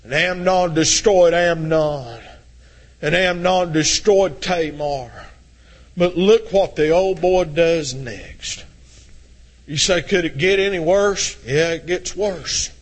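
A man preaching a fiery sermon, swinging between shouted passages and low, intense tones. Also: slow.

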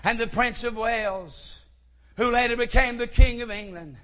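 High bright-voiced male preacher. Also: normal speed. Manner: rises to shouted fervor in quoted lines. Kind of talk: sermon storytelling.

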